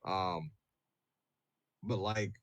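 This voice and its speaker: A man on a podcast telling a story in casual chat, profane and animated, full of fillers and "bro". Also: low-pitched, drawn-out words, no room sound.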